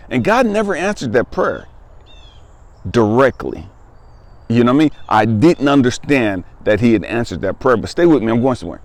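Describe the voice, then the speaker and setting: A man's voice: medium pitch, very animated, normal speed, pauses often. A man in his fifties, a spiritual life coach, sharing a personal testimony in an emphatic, conversational way and repeating phrases for weight.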